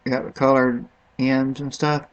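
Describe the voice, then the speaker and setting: The audio is dull, carrying a man's mid-range, level voice at a moderate pace. He chats casually and rambles through a screen-recorded product comparison, uncertain about some pronunciations.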